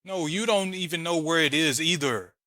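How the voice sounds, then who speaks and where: A man's voice: a little high, moderate pace. A man hosting commentary on a debate clip, combative and mocking, who also reads scripture aloud. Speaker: host. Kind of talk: scripture reading.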